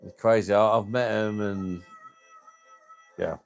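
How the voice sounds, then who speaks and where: Livestream host, matey and heartfelt, low unhurried voice, faint music behind. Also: male voice, steady tone, creaky. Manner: matey, slang-heavy, emotional and open. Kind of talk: casual chat with viewers.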